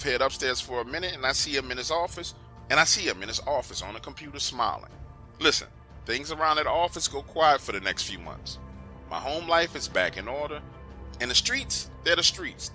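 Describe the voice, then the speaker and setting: A man's voice: medium pitch, bright, forceful tone. A man narrating a true story in an emphatic, conversational way, often urging the listener to pay attention.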